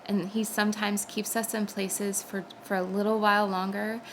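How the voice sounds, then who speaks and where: A young woman tells her faith testimony in an earnest, conversational manner, pausing on fillers as she goes. Her mid-range voice has a gravelly, creaky edge. A faint hum of background noise sits under the recording. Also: medium pitch, little pitch movement, rough recording. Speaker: Christian speaker sharing a testimony.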